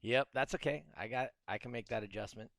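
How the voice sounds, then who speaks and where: A man's voice: mid-range voice, fairly quick, fairly bright tone, dry recording, studio quality. A man hosting a podcast, chatting and joking in an easygoing way. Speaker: podcast host. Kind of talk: casual chat.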